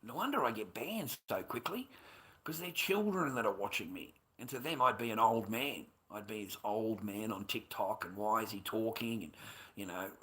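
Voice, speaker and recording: Forceful, swearing middle-aged man ranting. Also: lowish voice, animated, normal speed. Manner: rambling, heavy swearing, agitated. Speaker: livestreamer. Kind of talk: casual livestream chat.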